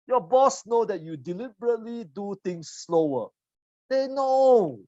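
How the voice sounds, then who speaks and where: A man in his forties giving a motivational seminar talk, blunt and teasing, swinging between loud jabs and quiet asides. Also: high-pitched, expressive, normal speed, no echo. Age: 40s. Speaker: seminar trainer. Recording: dull lo-fi audio.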